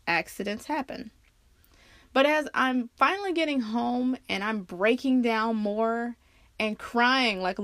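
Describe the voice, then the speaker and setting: A woman hosting her own podcast, talking casually and candidly, laughing often and swearing freely as she tells stories with big jumps in pitch. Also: fairly bright tone, no room sound. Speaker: podcast host. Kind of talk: casual personal monologue.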